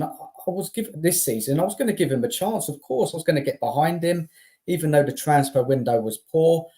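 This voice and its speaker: A guest talks football on a fan stream in a warm, dark tone. The delivery is exasperated and emphatic, with stammered restarts. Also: mid-range voice, animated, fairly quick. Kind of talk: casual football chat.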